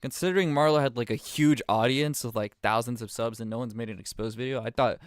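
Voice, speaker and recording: Young male streamer, casual slangy host, smooth dry voice. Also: medium pitch, fast talker, dry recording. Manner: casual, slangy, trails off with fillers. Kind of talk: casual chat on a live stream voice call.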